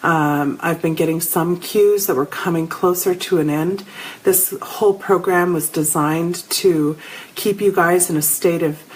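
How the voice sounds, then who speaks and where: A woman's voice: on the low side, unhurried, slightly rough, rough recording. A middle-aged woman hosting a spiritual live show, telling stories and chatting casually with viewers she names as she goes. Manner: animated storytelling, addresses viewers by name.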